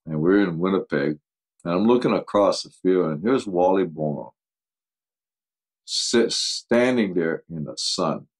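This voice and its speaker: An older man with a very low, deep voice spins casual stories from his coaching days. He laughs easily and slips into the voices of the people in his tales. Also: unhurried, low-quality recording. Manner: animated anecdotes, acts out quoted voices, laughs often. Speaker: football coach guest. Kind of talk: casual storytelling interview.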